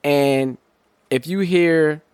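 Animated man in casual podcast banter. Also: a little high, extremely slow, smooth, dry recording. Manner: animated, swears freely, builds hypotheticals. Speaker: podcast co-host. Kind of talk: casual chat.

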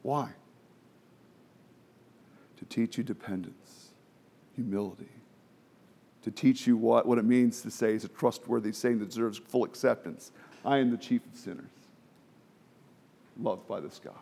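A middle-aged man preaching a sermon from the pulpit, chatty and self-deprecating, moving between quiet asides and emphatic exhortation. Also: mid-range voice, unhurried, vocal fry, long pauses, husky. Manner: conversational with self-deprecating humor, many restarts and fillers. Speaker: pastor.

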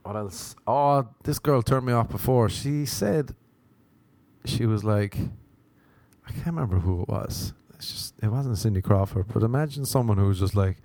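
Gravelly man rambling self-mockingly. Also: lowish voice, moderate pace, darkish tone. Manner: rambling, self-mocking storytelling with crude humour. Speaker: comedian. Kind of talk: casual solo podcast monologue.

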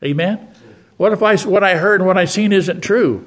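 Older male guest preacher, a little high-pitched, tells stories from the pulpit and works the room for amens. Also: normal speed, a bit bright. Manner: storytelling preacher who keeps asking the church for amens. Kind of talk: sermon. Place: church.

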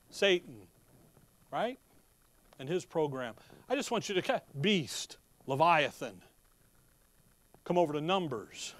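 A middle-aged man preaching a sermon in a folksy, animated way, reading scripture slowly and loudly between casual asides. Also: a little high, no echo.

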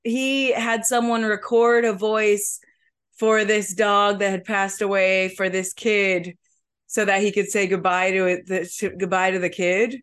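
Woman co-host, casual chatty talk, average pitch, lots of fillers. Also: little pitch movement, measured pace, a bit bright, smooth. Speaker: podcast co-host. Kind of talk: casual comedic chat.

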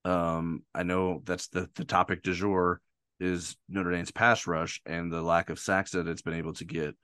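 A man hosting a sports talk show, chatty and hesitant, quick to laugh at himself. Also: sits low, little pitch movement, a bit bright, clear, resonant tone, no echo, clean studio sound. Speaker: podcast host.

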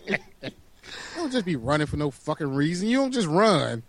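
A man's voice: on the high side, sing-song, normal speed, long pauses, a crowd in the background. A man co-hosting a podcast in casual, profane banter, laughing and teasing. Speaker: podcast co-host.

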